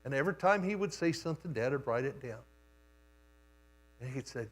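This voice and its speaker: An older man preaching a sermon in a church, telling a childhood story in an unhurried, homespun way. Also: medium pitch, lively intonation. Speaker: guest preacher. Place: church sanctuary.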